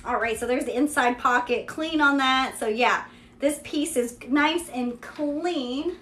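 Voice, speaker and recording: Her voice is high-pitched, a bit bright and unhurried, echoing in the room as she hosts a live-stream showcase of vintage luxury bags. She's from Kentucky with a Central Kentucky Southern drawl, upbeat and chatty, full of fillers like "yeah" and "there you go."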